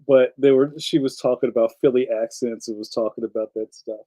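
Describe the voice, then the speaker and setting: A man's voice: medium pitch, steady tone, brisk, mellow, low-quality recording. A man from Philadelphia hosting a casual live stream, rambling from topic to topic and answering viewer comments. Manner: rambling, jumps between topics. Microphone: streaming setup.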